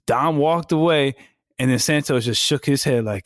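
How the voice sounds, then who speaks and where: A man co-hosting a wrestling podcast in casual chat, animated, acting out quotes in slang. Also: mid-range voice, moderate pace, dry recording, clean studio sound. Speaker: podcast co-host.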